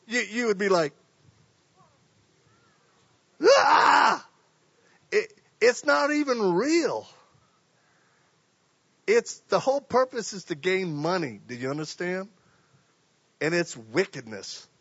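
A man preaching a sermon, telling stories and acting out voices, swinging from quiet to loud. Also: high voice, expressive, measured pace, pauses often, husky, no room sound, dull audio.

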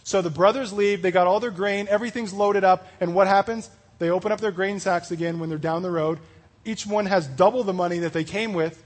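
A man giving a casual youth sermon, chatty and full of "like" and "you know", acting out the story's speakers in quick asides. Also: high-pitched, steady tone. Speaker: youth pastor.

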